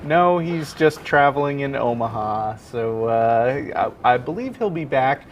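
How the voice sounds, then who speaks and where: A man co-hosting a live call-in TV show in a studio. His voice sits at an ordinary middle pitch, and he talks in a relaxed, hesitant way full of fillers. Faint hiss runs underneath. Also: measured pace, muffled recording. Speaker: co-host. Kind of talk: casual chat.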